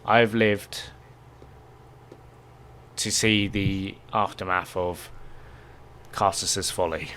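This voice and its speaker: A man's voice: deep voice, fairly even intonation, extremely slow, long pauses, sharp tone, a little hiss or hum, full character voice. A man doing Elminster, weary ancient archwizard. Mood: lecturing. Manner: lecturing, rhetorical questions. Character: ancient weary male archwizard, worldly and blunt.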